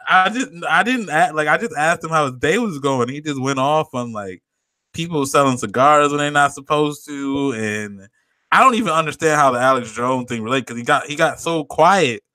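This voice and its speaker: Bright-voiced laid-back man telling stories. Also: on the high side, animated, moderate pace, dry recording. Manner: laid-back storyteller, swears a lot, laughs often. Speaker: podcast co-host. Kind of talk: casual chat.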